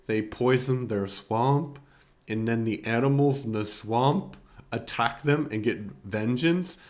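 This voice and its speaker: A man with an ordinary mid-range voice talks through a film review as the show's host. His delivery is casual and rambling, full of fillers, and he keeps dropping sarcastic asides. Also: mid-range voice. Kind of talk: casual spoken movie review.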